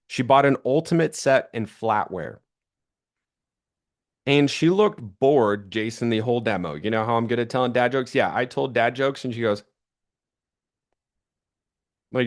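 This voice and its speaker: Man, thirties, sales trainer, energetic and chatty, average pitch, stories with acted-out calls. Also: normal speed, long pauses. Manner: energetic, chatty, acts out quoted phone calls.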